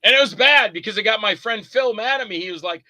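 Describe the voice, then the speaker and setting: A man's voice: sits high, quick pace, no room sound. A man, an indie horror actor and filmmaker, telling stories in a casual interview, acting out the people in them and swearing freely. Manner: animated, acts out the other people in his stories.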